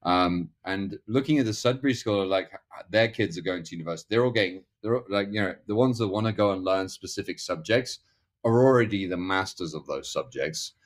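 A man's voice: deep voice, brisk. A middle-aged man talking as a podcast guest, rambling with many restarts and fillers. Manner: acts out other people's lines in quoted voices. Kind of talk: casual conversational interview.

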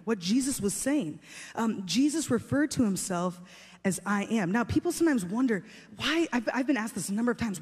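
A man's voice: extremely high pitch, expressive, moderate pace, darkish tone, breathy edge. A man preaching a sermon in a conversational, emphatic way, often repeating his phrases for stress. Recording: long reverb of a large hall.

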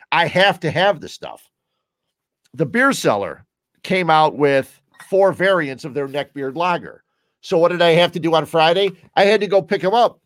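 A man's voice: fairly high pitch, fairly bright tone, no room sound, clean studio sound. Rambling chatty man hosting a casual show. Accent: Chicago-area American. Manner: rambling, chatty, drifts between topics. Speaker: podcast host. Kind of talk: casual solo chat while drinking beer.

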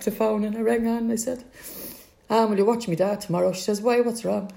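Gravelly-voiced Irish woman telling a story. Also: mid-range voice, steady tone, brisk, mellow. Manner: vivid storyteller acting out quoted voices. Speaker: mother telling a family story. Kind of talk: personal storytelling in conversation.

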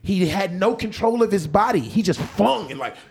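A man with a somewhat higher voice tells a story in casual podcast chat. He is animated and profane. He often breaks into laughter as he goes. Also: moderate pace, gravelly, a crowd in the background. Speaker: podcast guest or host.

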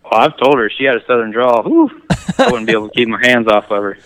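Guy guesting on a hunting podcast, smooth clear voice, laid back, dry close mic. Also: mid-range voice, fairly even intonation, a bit bright, dry recording, poor audio. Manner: easygoing, plain-spoken, halting restarts. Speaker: podcast guest, duck hunter. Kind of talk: casual interview chat.

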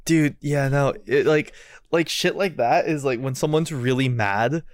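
A man's voice: medium pitch, unhurried, dry recording. Dry-miked rambling male podcast host. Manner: rambling, swears a lot, many fillers. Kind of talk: casual chat.

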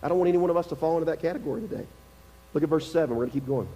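A man's voice: fairly high pitch, rapid-fire, warm tone, in a large hall, low-quality recording. A male pastor preaching a sermon in a conversational, emphatic way, repeating his key phrases. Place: church sanctuary.

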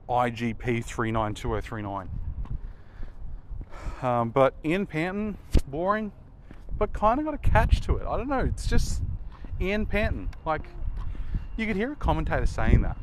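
A young Australian man talks in a loose, rambling way, trying names out loud and laughing at himself. His voice sits at an ordinary middle pitch. He is outdoors in a built-up area, with clear traffic noise behind him. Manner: chatty, sounds names out, self-mocking asides. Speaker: video creator rating player names. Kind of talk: casual rambling commentary.

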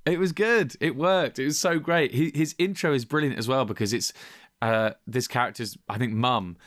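A man's voice: mid-range voice, normal speed, a bit bright, no echo, studio quality. A man co-hosting a film review chat, retelling scenes with enthusiasm. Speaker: podcast co-host.

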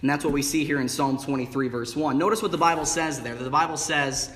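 A man's voice: a little high, quick pace, fairly bright tone, a little hiss or hum. Preaching man in a reverberant church. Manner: emphatic preaching cadence, stretching key words. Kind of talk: evening sermon. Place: church sanctuary. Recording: long reverb of a hall. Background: congregation calling out replies.

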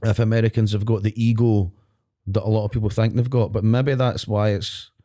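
A man's voice: fairly low pitch, flat delivery, fairly quick, dark tone. A Glaswegian man co-hosting a podcast, rambling and swearing playfully in casual chat in a studio. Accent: Glaswegian Scottish. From Scotland. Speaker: podcast co-host.

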